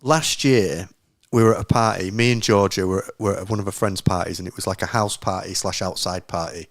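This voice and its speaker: A man's voice: low-pitched, steady tone, brisk, no room sound, clean studio sound. A man in his late thirties, a podcast co-host telling rambling anecdotes in casual chat, swearing freely and poking fun at himself. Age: late 30s.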